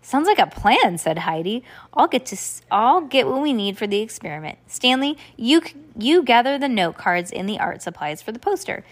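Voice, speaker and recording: A woman's voice: a little high, sing-song, moderate pace. A young adult woman hosting a podcast, reading a children's storybook aloud with playful asides.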